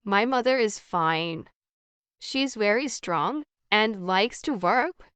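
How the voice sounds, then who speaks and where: A woman reading a scripted practice conversation in a slow, evenly paced, carefully articulated way. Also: medium pitch, animated, a bit bright, clear, resonant tone, no echo. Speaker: English practice dialogue voice.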